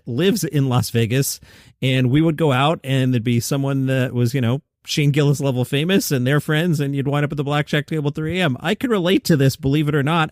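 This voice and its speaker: A middle-aged man hosting a comedy news podcast from his basement, reading headlines and adding wry, animated asides. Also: mid-range voice, no room sound, studio quality. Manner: wry, animated, quick side comments. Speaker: podcast host. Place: home basement studio.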